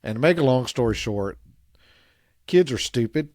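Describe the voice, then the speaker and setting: A middle-aged man co-hosting a podcast, telling stories in an animated way and getting louder when he quotes himself. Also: medium pitch, moderate pace, dry recording, studio quality. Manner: animated, gets loud when quoting himself. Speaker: podcast co-host. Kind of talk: casual storytelling chat.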